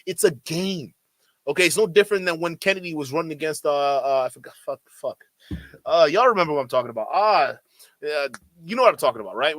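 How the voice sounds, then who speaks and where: A man's voice: mid-range voice, a bit bright, dry recording. A man commentating on a debate clip during a live stream, heated and profane, mocking the people in it. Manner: heated, profane, rapid-fire, with mocking quoted voices.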